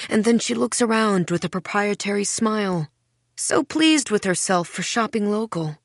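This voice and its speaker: A woman narrating a first-person thriller audiobook in a wry, dark, measured way. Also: mid-range voice, lively intonation, dry recording, studio quality.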